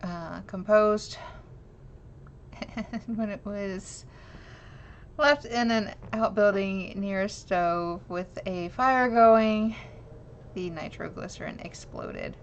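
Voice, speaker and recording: A woman's voice: medium pitch, slow, pauses often. A woman chatting with viewers on a live stream, reading an old news clipping aloud and giggling at herself. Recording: slightly dull lo-fi stream audio with faint noise.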